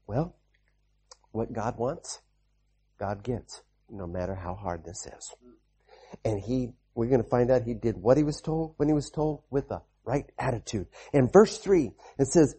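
Husky-voiced man preaching to children. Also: mid-range voice, a little slow. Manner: animated, repetitive, with call-and-response amens. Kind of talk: children's sermon storytelling.

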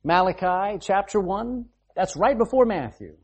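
Husky-voiced preacher man. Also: high voice, expressive, a little slow, darkish tone. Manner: emphatic preaching, reads scripture aloud. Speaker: pastor. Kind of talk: sermon.

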